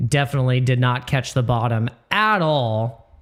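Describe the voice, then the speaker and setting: A man's voice: medium pitch, animated, normal speed, fairly bright tone, smooth. A man hosting a casual crypto live stream, talking in a rambling, slangy way that repeats words and jokes with the chat.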